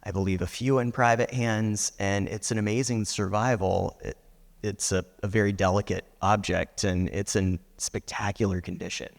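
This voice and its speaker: A male collector speaking on a panel, halting with restarts and fillers. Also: lowish voice, fairly even intonation, gravelly. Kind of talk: panel discussion. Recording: long reverb of a large hall.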